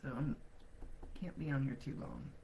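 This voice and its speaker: A woman's voice: rumbling low, huge pitch swings, normal speed, creaky, dark tone, a little hiss or hum. A woman hosting her weekly psychic livestream from home, chatting casually in a blunt, grumbling way and swearing freely. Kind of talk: casual live-stream chat.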